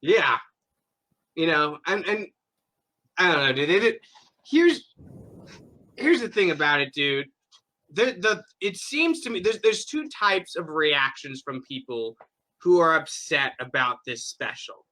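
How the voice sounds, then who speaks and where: A podcast host with a bright, forceful, somewhat high voice talks in a heated, profane way. He presses his points hard and sounds loose and off the cuff. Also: sing-song, measured pace, pauses often. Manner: emphatic, profane ranting. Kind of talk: casual opinion chat.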